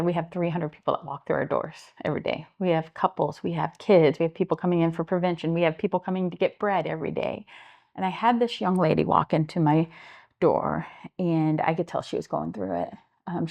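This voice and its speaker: A woman's voice: on the low side, moderate pace, creaky. Earnest Midwestern woman telling a story. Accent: Midwestern American. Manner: earnest, animated retelling with acted-out quotes. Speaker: guest, homeless services director. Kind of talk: interview storytelling.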